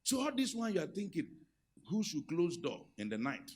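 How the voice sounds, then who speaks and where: A middle-aged Nigerian man preaching a sermon, moving from quiet asides to loud, rousing exhortation. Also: on the high side, wildly swooping pitch, moderate pace, slightly rough. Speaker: pastor. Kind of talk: sermon on marriage and leadership.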